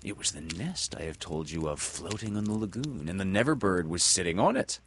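A man reading a children's story aloud in an expressive, dramatic way. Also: deep voice, brisk, few pauses, slight background noise.

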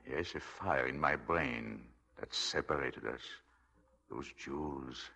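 Brief: a scheming husband, very deep and bright-edged, husky, pleading. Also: male voice, heavily acted. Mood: resigned. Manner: pleading, urgent. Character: desperate, scheming husband begging for rescue. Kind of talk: 1940s radio acting. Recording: old radio drama broadcast.

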